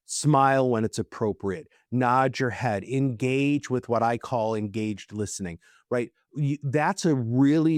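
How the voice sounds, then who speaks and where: Male podcast guest, mid pitch, earnest and emphatic, dead-dry close mic. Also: no echo. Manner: earnest, emphatic, repeats for stress. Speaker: guest speaker. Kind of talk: conversational podcast talk.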